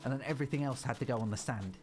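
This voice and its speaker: A man's voice: medium pitch, racing, faint music behind. A man streaming a video game, chatting casually and rambling as he plays. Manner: chatty, rambling, self-interrupting. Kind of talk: casual gameplay commentary.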